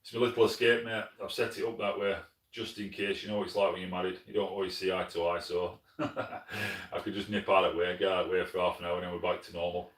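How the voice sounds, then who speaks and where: A hunting channel host from Sheffield, South Yorkshire, talks fast in a low, level, fairly bright voice, live-streaming from his lodge. The mic sits some way off in an echoey room as he answers viewer comments in a friendly, plain-spoken way, often calling people mate.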